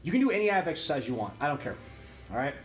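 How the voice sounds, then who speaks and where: A man with a high voice leads a kickboxing workout class, counting out reps and joking with his students. He sounds upbeat and chatty. His voice rings through an echoey gym while faint music plays in the background. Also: very animated, rapid-fire. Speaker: kickboxing instructor. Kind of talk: livestreamed workout class instruction. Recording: echoey room with music behind.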